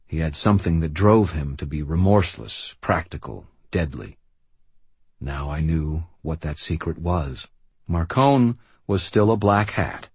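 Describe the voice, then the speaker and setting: Deep, husky male audiobook narrator. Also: lively intonation, measured pace, dry recording. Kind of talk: first-person audiobook narration.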